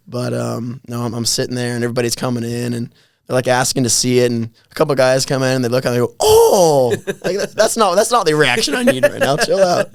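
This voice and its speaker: Young man telling a story, even-toned. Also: mid-range voice, gravelly, no room sound, studio quality. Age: 20s. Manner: halting, repeats words, chuckles while telling stories. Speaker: college football player, guest. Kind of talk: casual storytelling interview.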